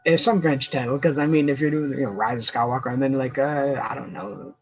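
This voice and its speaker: A man's voice: medium pitch, steady tone, fast, highs cut off, crowd noise. A man co-hosting a casual fan review show, talking in long rambling runs with many restarts. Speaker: co-host.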